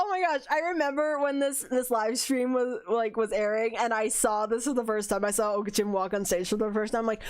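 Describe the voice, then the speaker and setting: High, bouncy woman gushing and giggling. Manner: giggly, gushing, heavy use of "like". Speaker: virtual streamer. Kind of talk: casual stream commentary. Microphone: headphones and desk microphone.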